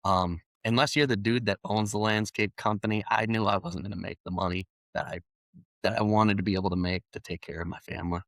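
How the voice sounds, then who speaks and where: A middle-aged man, a podcast guest, talking in a relaxed, plainspoken way with frequent ums and restarts. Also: lowish voice, brisk, dry recording. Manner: animated when retelling dialogue. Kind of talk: storytelling in a conversational interview.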